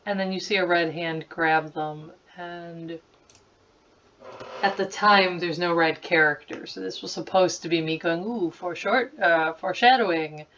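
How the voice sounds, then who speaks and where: A woman's voice: fairly low pitch, fairly even intonation, measured pace, fairly bright tone, recorded from a distance. A woman around thirty giving chatty, giggly commentary over a screen recording of her old slideshows, full of "like" fillers. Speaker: creator revisiting her childhood slideshows. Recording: slightly muffled lo-fi recording.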